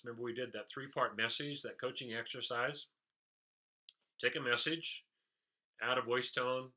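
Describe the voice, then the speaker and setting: A man's voice: mid-range voice, sharp tone. A man leadership trainer giving an explanatory recap of a training session, with frequent "uh" fillers.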